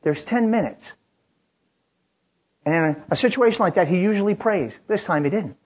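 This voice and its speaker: A man's voice: sits high, expressive, normal speed, breathy edge, muffled recording. A man preaching, telling a story in the third person in short dramatic lines with frequent restarts. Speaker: pastor. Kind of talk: sermon storytelling.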